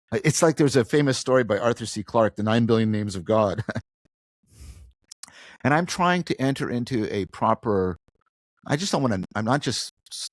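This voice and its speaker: A man with a low voice talks through big ideas in a podcast interview, pushing his emphasis up and pausing to restart his phrases. The sound is dry and close, with no room around it. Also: no echo. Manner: thoughtful, animated, frequent restarts and self-corrections. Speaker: guest philosopher.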